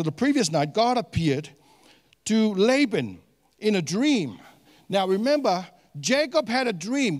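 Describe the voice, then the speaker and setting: A male pastor delivering a sermon with a notably high voice. He talks in an animated way, throwing rhetorical questions at the congregation and stumbling through fillers and restarts. The sound carries a long reverb from a large church room. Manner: many fillers and restarts while teaching.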